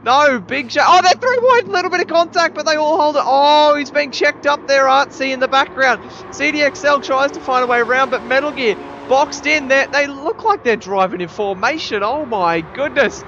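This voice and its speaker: A high, bright man calling a sim race play by play, swinging from easy chatter to excited shouts as the action heats up. His mic sounds slightly dull and lo-fi, with a faint hiss of noise underneath. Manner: excitable play-by-play, rising to shouts at big moments. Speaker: sim racing commentator. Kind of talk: race commentary.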